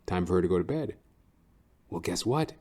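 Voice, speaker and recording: A man's voice: low-pitched, expressive, moderate pace, darkish tone, breathy edge. A man hosting a podcast, telling a comic story in a profane, ranting way with frequent "right?". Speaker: podcast host.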